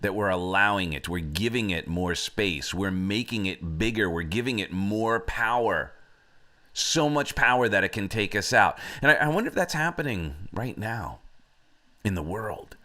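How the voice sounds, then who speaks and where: A man's voice: fairly low pitch, animated, moderate pace, bright, forceful tone. A man hosting a motivational talk, telling a story in a conversational, reflective way. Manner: conversational, reflective, with frequent fillers. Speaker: host.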